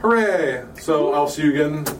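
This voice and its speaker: A man hosting a loose comedy podcast, rambling and swearing as he laughs between plugs. His voice sits at an ordinary middle pitch. It sounds a bit off-mic, with a faint hum of room noise behind him. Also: normal speed, distant mic. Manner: rambling, crude, laughs often. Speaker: podcast host. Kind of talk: casual comedy podcast chat.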